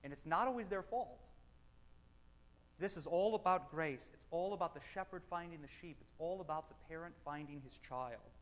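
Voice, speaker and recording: A man preaching a sermon and reading a passage aloud, with emphatic stresses that drop into quiet, blunt asides. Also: on the high side, normal speed, in a large hall. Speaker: pastor.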